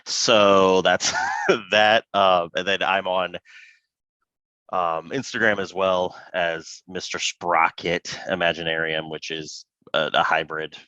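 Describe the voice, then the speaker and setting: Playful male co-host, low bright tone, dry close sound. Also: no echo, lo-fi sound. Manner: self-mocking, playful. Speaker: podcast co-host. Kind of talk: casual chat.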